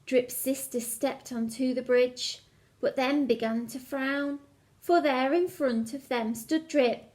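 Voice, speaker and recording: A woman teacher reads a children's picture book aloud in a high voice. She takes her time and reads expressively, sometimes pausing to ask the children questions. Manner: expressive, asks the listeners questions.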